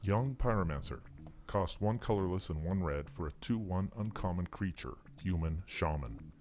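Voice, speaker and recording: A man doing a low monotone robot announcer. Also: moderate pace. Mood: robotic.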